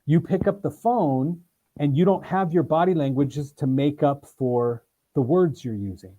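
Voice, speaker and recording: Casting note: animated male sales coach, mellow tone, slightly high voice, demonstrates lines in different voices. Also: a little slow, rough recording. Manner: energetic, emphatic, acts out examples in voices. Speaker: sales trainer. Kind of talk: interview guest, animated teaching.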